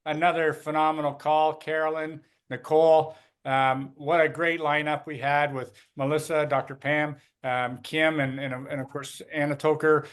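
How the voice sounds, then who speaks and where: Chatty upbeat male co-host, slightly raised pitch, storyteller. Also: little pitch movement, moderate pace, hardly any pauses, smooth. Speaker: co-host of a company call. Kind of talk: casual chat and storytelling.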